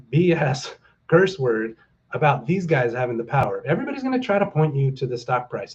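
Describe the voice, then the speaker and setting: A man's voice: a little high, warm tone. Middle-aged male stream host, loose and upbeat, fills gaps with ums, rallies his viewers; slightly dull home-mic sound. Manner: rambling, upbeat and rallying, with many fillers. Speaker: stock market livestream host. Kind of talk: casual livestream chat to viewers.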